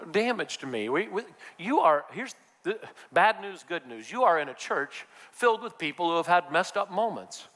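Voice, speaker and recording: A man's voice: on the high side, pushed and bright. A man preaching a sermon as pastor, building to emphatic passages. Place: church sanctuary. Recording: church hall reverb.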